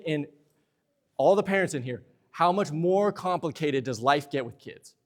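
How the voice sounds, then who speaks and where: A young man preaching a sermon in a church, lively and talkative, slipping into playful asides. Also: on the high side, normal speed. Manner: lively preaching, acts out husband and wife exchanges in asides. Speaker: pastor. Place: church sanctuary.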